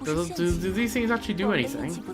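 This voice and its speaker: A man's voice: sits high, animated, fast, music in the background. A young man rambling casually while he plays a game, often stammering and repeating words. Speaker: streamer playing a game. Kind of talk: casual gameplay commentary.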